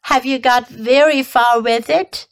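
A woman's voice: sits high, steady tone, a little slow, smooth. A woman voicing a young, timid male pig who is anxious and earnest, speaking close to her own reading voice. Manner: earnest, worried.

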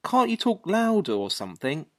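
A woman's voice: mid-range voice, sing-song, moderate pace, a little mellow, no echo, studio quality. A woman voicing Jack, a careless and easily irritated man on the phone, in a dialogue drama reading. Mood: impatient. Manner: brusque, offhand and easily irritated. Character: careless, impatient man on a bad long-distance phone line.

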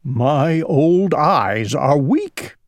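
A woman voicing an old, creaky, fretful elephant king in a storybook who whines and complains. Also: deep voice, lively intonation, extremely slow, no echo, exaggerated voice. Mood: grumbling. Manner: whiny, complaining cries.

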